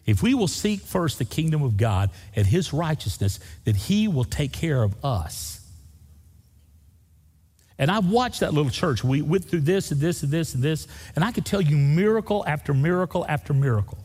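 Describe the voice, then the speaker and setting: A man's voice: fairly high pitch, very animated, moderate pace, darkish tone, breathy edge, in a large hall. A man preaching a sermon as pastor, telling folksy stories and driving points home through repetition.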